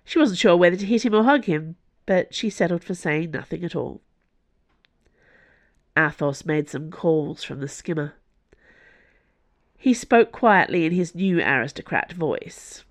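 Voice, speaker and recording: Brief: unhurried woman narrator, lowish voice, dry close studio sound. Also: lively intonation, no room sound. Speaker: audiobook narrator. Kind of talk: scripted narration.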